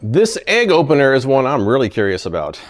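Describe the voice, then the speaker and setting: A man's voice: mid-range voice, wildly swooping pitch, a little fast, faint music behind. A man hosting a casual product-testing vlog, talking animatedly and often sounding exasperated, chuckling when a gadget fails. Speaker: product reviewer, channel host.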